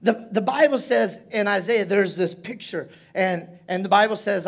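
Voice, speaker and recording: A man preaching as pastor in a church service, telling stories with playful asides and building to loud shouts. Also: sits high, normal speed, vocal fry, few pauses. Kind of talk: sermon.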